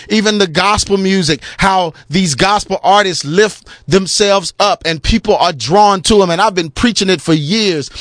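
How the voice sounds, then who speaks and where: Emphatic high-voiced man preaching. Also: fairly bright tone, no room sound, clean studio sound. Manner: emphatic, repetitive preaching cadence; mocks other preachers with put-on crooning voices. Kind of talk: sermon-style teaching talk.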